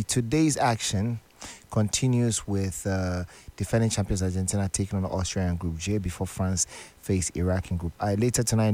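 A man's voice: low voice, mellow. A man hosting a morning radio sports talk show, chatty and jokey. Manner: chatty, jokey, Pidgin asides. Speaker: radio host.

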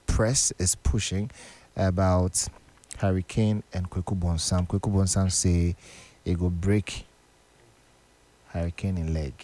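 A man's voice: sits low, a little mellow. A man hosting a morning radio sports talk show, chatty and jokey. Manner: chatty, jokey, Pidgin asides. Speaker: radio host.

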